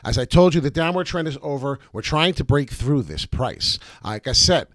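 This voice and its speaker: Excitable man talking over crypto charts. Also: mid-range voice, moderate pace, no room sound, clean studio sound. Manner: excitable and chatty, with many "uh" fillers; breaks into loud off-key singing. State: voice cracking in the morning. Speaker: crypto chart analyst and channel host. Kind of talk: casual crypto chart commentary.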